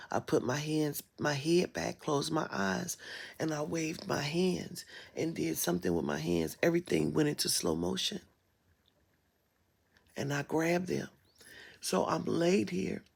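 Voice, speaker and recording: Woman vlogger, casual live-stream storyteller, emphatic and profane, heavy vocal fry, husky. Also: on the low side, takes it slowly. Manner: emphatic and profane, drops to a whisper at times. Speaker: spiritual vlogger.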